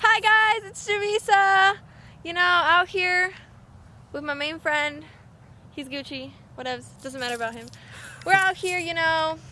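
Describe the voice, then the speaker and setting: A woman's voice: very high voice, measured pace, sharp tone, soft background music, low-quality recording. A teenage girl telling a casual storytime vlog from inside a car, chatty and full of "like", acting out what people said. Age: teens. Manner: chatty, lots of "like" and acted-out quotes. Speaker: vlogger.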